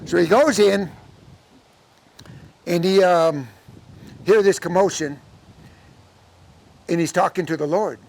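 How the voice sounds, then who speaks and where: A man telling a traditional folk tale to a live audience, acting out the characters' lines in an animated way. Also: sits high, takes it slowly, creaky, long pauses. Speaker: storyteller. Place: lecture audience setting.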